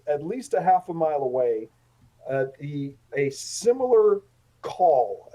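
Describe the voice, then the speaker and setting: A man narrating as game master of a tabletop game, talking haltingly with many fillers. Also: fairly high pitch, warm tone, poor audio.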